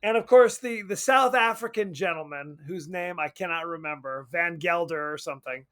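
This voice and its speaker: High-voiced man recapping a movie. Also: normal speed. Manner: loose and profane, animated retelling with laughs. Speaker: podcast co-host. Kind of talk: casual movie recap chat.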